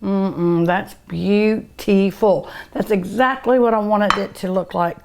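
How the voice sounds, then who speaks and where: A middle-aged woman hosts a cooking show, tasting dishes and gushing over each bite with drawn-out hums of delight. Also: medium pitch, background noise.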